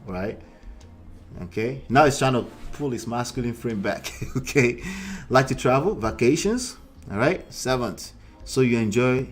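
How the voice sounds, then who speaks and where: A man, coaching his listeners on dating. He talks in a loose, chatty way, laughs often, and keeps checking in with "right?" and "okay?". His voice sits at an ordinary pitch for a man. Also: animated, measured pace. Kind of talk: casual advice monologue.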